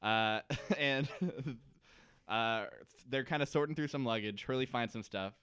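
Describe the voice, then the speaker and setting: Male podcast co-host, mid-pitched, smooth and dry, breezy recap with character impressions. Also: sharp tone, dry recording. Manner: retells scenes, acting out characters' lines in quick voices. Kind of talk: casual episode recap.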